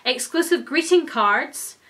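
A young woman, gushing and excitable as she chats through an unboxing for her vlog. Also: high voice, takes it slowly. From Scotland. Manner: gushing, excitable, many exclamations. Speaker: vlogger. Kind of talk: casual unboxing chat.

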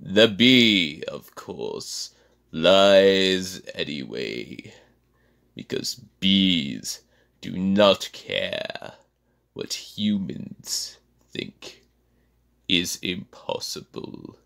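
Man as sinister elderly emperor; hoarse, gravelly, very slow menacing delivery. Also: sits low, lively intonation, fairly bright tone, exaggerated voice. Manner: slow, menacing drawl with sudden hisses. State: sick. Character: sinister old male galactic emperor.

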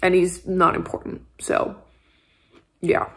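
A woman's voice: lowish voice, monotone, slow. A young adult woman book vlogger chatting casually at home, rambling with lots of "like" and small laughs. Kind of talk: casual chat. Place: at home on a couch.

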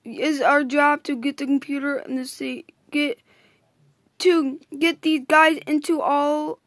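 A woman voicing a bossy female spider hacker, reading the lines aloud haltingly with restarts, in a high voice. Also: steady tone, fairly bright tone, dry recording, studio quality. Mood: explaining, bossy.

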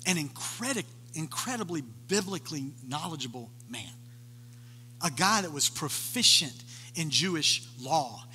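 A high, bright-voiced man preaching a sermon, telling the story with lively, acted-out voices. His voice rings through a long reverberant church hall. A faint electrical hum sits under it. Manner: animated storytelling, acting out voices of the people in the story. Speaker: pastor.

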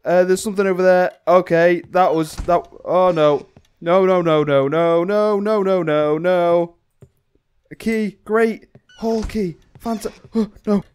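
High-voiced man, jumpy horror commentary. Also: measured pace, a little mellow, clear, resonant tone. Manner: jumpy, talks to himself, screams in panic. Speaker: gaming YouTuber.

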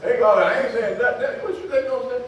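An older man preaching a sermon as pastor, in a folksy call-and-response way that breaks into shouts. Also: very high-pitched, brisk, lo-fi sound, slight background noise. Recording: echoey hall from far off.

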